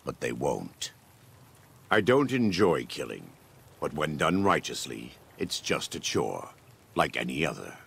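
An actor playing a stern, scripture-quoting warrior preacher in a video game, speaking slowly and solemnly with a gravelly, husky voice. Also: male voice, very deep voice, big pitch swings, a bit bright, full character voice. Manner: slow, measured, solemn delivery.

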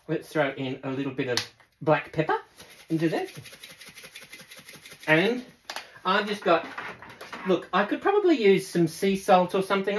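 Woman, casual cooking host, lower voice with lively melody, playful sing-song asides. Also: a little hiss or hum. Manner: chatty, laughs often, talks to viewers. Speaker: cooking demonstrator.

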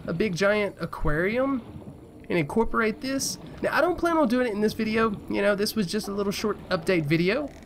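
A man's voice: high voice, a little hiss or hum. A man giving casual, rambling gameplay commentary as a video host, joking at his own expense and talking straight to his viewers. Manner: rambling, self-mocking, talks to viewers. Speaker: gaming YouTuber.

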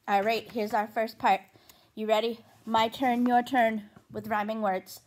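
A woman teaching a pre-K phonics lesson, sounding out letters and words clearly and slowly for young children, with encouraging praise between them. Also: fairly high pitch, flat delivery.

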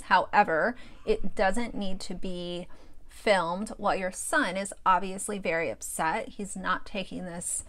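A woman's voice: lowish voice, fairly bright tone. A woman giving blunt, indignant commentary on a video clip. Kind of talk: reaction commentary.

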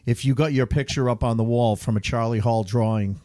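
A man's voice: medium pitch, fairly even intonation, brisk, mellow, no echo, studio quality. A middle-aged man hosting a casual podcast chat, joking and laughing often as he talks. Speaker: podcast host. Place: podcast studio.

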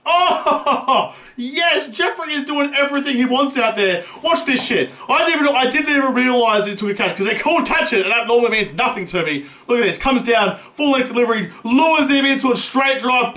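A young man giving live gameplay commentary, excitable, swearing often and shouting at big moments. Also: very high-pitched, normal speed, hardly any pauses. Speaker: gaming channel host. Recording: roomy echo.

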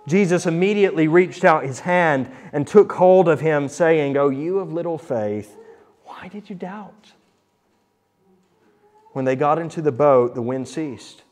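A man preaching a sermon in a fairly high voice. He talks earnestly, rising loud to stress a point and dropping soft for quiet ones, and reads scripture aloud with drama. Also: a little slow.

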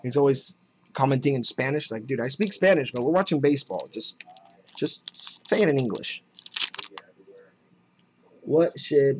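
A young man chatting casually while opening trading card packs on a live break, excited at the hits and muttering asides. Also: a little high, normal speed, low-quality recording.

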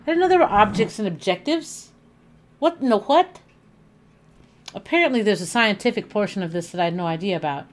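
A woman's voice: mid-range voice, quick pace, hardly any pauses. A woman livestreaming a video game from home, chatting casually and thinking aloud as she plays. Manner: chatty, animated, thinking aloud while playing. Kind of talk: casual gaming livestream chat. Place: home living room.

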